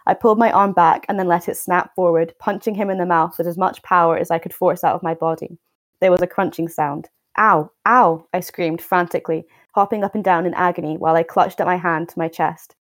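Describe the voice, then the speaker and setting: A woman's voice: on the low side, fairly even intonation, fast talker, no room sound. Wry young woman reading aloud. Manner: wry, exasperated, stumbles and restarts while reading. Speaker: podcast host reading aloud. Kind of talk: book reading and casual commentary.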